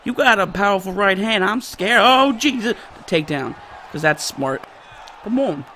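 A man giving excited live gameplay commentary as a YouTuber, full of loud yelps, shouts and trash talk. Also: high-pitched, normal speed, slight background noise. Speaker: gaming YouTuber.

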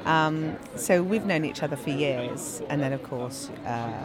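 An actress chatting at a red-carpet premiere, self-mocking and quick with asides. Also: female voice, sits low. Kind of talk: casual red-carpet interview. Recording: crowd noise from a premiere. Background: crowd chatter.

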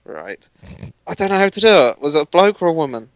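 A man co-hosting a podcast, blunt and deadpan, swearing casually as he chats. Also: on the high side, fast talker, dry recording. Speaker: podcast co-host. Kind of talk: casual chat.

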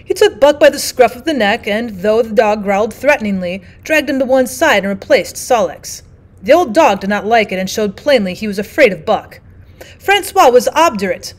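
A woman, a teacher, reading a classic novel aloud in steady, clear audiobook narration. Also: fairly high pitch.

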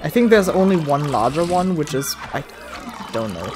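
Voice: mid-range voice, sing-song, moderate pace, background noise. Foul-mouthed let's play gamer. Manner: swears a lot, yells at the game, then mutters.

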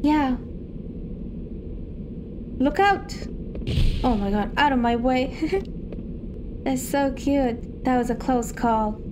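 A woman's voice: high voice, extremely slow, pauses often, background noise. A woman giving casual let's-play commentary while she plays a game. She reads the game's dialogue aloud and gasps and squeals when she gets scared. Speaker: gamer. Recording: game music playing behind.

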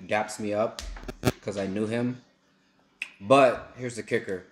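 A man's voice: mid-range voice, moderate pace, pauses often. A young man from Texas, telling a rambling, joking story while doing a food challenge at home. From El Paso, Texas. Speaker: vlogger. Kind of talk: casual story-time chat. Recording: echoey room, faint noise.

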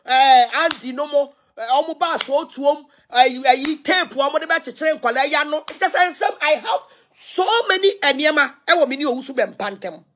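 A woman's voice: high-pitched, moderate pace, fairly bright tone. A middle-aged Ghanaian woman ranting on social media, defiant and scolding, repeating herself as she mixes languages. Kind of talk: ranting live video.

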